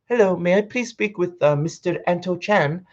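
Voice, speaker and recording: Guy doing a prim high-voiced official on the phone, super polite and stiff, kinda muffled recording. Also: slow pace, fairly bright tone. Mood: stiffly formal. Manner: overly polite, stiff and formal. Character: stiff formal male arts-council official on the phone.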